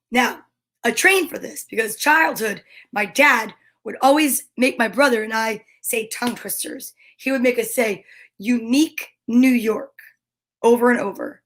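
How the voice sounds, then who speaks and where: High-voiced woman doing a comic read-aloud. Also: measured pace, fairly bright tone. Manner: sing-song rhyming reading broken by nervous, whispered comic asides. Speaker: comedian reading a children's book aloud.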